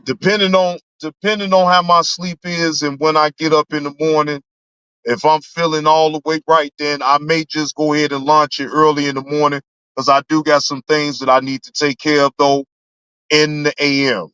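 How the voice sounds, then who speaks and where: A man's voice: on the high side, flat delivery, normal speed, bright, forceful tone, clear, resonant tone, no room sound. A man hosting a livestream, answering his chat in laid-back, rambling, profane casual talk. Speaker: livestream host. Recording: dull lo-fi sound.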